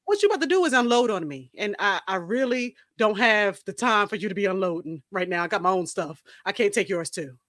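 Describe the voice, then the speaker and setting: A woman's voice: medium pitch, animated, fairly quick, hardly any pauses, a bit bright, dry recording, studio quality. A woman co-hosting a casual podcast chat, talking bluntly and frankly and laughing easily. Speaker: podcast co-host.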